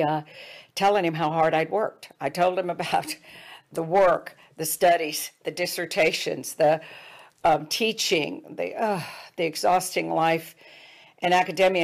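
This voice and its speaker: Low gravelly-voiced woman telling her story. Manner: earnest, drops to hushed tones for quoted advice. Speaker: speaker. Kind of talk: personal storytelling talk.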